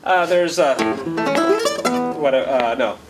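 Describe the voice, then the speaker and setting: Speaking slowly in a mid-range voice, a man chats his way through a flamenco guitar workshop and keeps checking in with "right?" and "okay?". Loud guitar playing sits under his voice in this rough recording from the workshop room.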